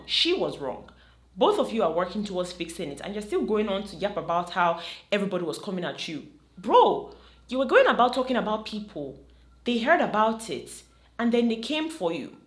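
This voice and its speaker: Chatty Nigerian woman in a roomy space. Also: on the low side. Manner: chatty and animated, drops into Nigerian Pidgin. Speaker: vlogger. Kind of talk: casual commentary to camera. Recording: roomy echo.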